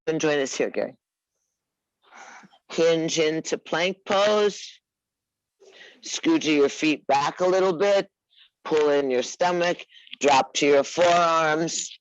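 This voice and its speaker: A woman teaching a live yoga class, giving unhurried, coaxing cues and teasing her students by name. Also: low-pitched, dry recording, lo-fi sound. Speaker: yoga instructor.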